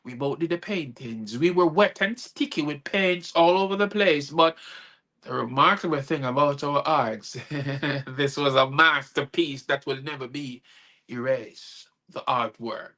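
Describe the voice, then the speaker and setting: A man's voice: fairly high pitch, a little slow, pushed and bright. A man hosting a show and performing his own rhyming spoken-word poems, laughing at his own lines. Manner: rhythmic rhyming delivery, chuckles at own lines. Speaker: host and poet.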